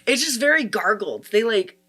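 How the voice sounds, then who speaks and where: A woman's voice: a little high, animated, normal speed, bright, forceful tone. A woman co-hosting a casual podcast, giving opinionated explanations with many filler words. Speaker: podcast co-host.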